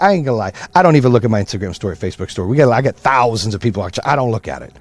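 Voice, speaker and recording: Man, middle-aged, podcast host, profane motivational rant, loud and fired-up, mid-pitched voice. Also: lively intonation, very fast, hardly any pauses, dry recording. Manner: loud, swearing, fired-up and ranting.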